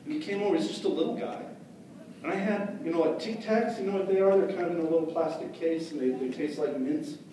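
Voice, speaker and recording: Guy telling a live story to kids, chatty, bit high voice, super echoey hall, mic far off. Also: fast talker, dark tone, a little hiss or hum. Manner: chatty, asks the audience questions.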